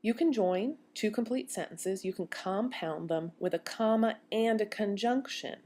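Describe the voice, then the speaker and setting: A woman's voice: medium pitch, unhurried, a little mellow, a little hiss or hum. A woman giving a recorded grammar lecture as a university instructor, explaining step by step and posing questions to her students.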